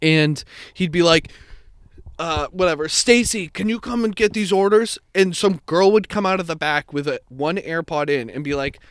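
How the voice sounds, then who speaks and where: A man's voice: on the high side, normal speed, no room sound. A young man co-hosting a podcast, telling a long story in casual chat, swearing and acting out the people in it. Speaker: podcast co-host.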